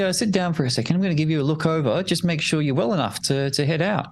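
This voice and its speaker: A player speaking in character in a calm, reassuring, folksy way during a tabletop game. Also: mid-range voice, quick pace, a little hiss or hum. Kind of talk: in-character tabletop role-play.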